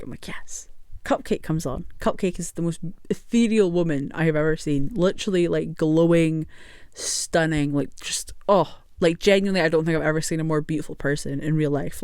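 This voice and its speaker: A woman tells a story straight to camera, chatty and rambling, with plenty of swearing. Her voice sits on the lower side. The sound is close and dry, with no room around it. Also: dry recording. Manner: chatty and rambling, swears freely, laughs often. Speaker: vlogger telling a story. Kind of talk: casual storytime monologue.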